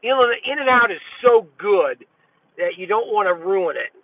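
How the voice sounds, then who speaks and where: A man's voice: high voice, animated, moderate pace, no room sound, distant mic. Chatty man rambling in his car. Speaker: vlogger. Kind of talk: casual rambling chat while driving. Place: inside a car at a drive-thru. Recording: tinny, phone-like sound.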